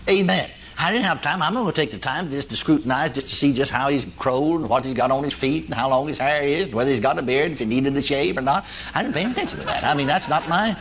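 A man preaching a recorded radio sermon, dramatic and emphatic, his pitch jumping up on questions and repeated phrases. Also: a bit bright, slight background noise.

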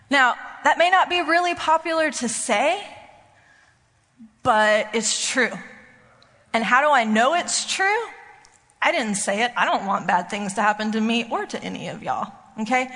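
A woman's voice: high-pitched, a bit bright, big-room sound. A woman preaching a sermon in a conversational, emphatic way, often checking in with the listeners. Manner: conversational, emphatic, frequent "okay?" check-ins.

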